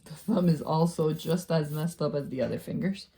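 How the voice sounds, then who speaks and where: A woman talking through a casual nail-care tutorial, chatty and quick to laugh at herself. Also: low-pitched, warm tone. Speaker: beauty vlogger.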